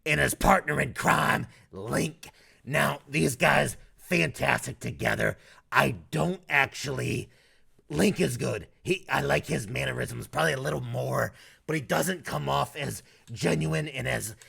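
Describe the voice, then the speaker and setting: A man's voice: medium pitch, unhurried, vocal fry, sharp tone, breathy edge. A man from North Carolina with a Southern accent, giving casual, blunt and profane ranking commentary as a YouTuber.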